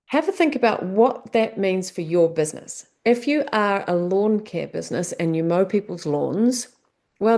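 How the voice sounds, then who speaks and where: New Zealand accent, woman, business tips presenter, rhetorical questions, mellow tone. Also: mid-range voice. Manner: conversational, asks many rhetorical questions.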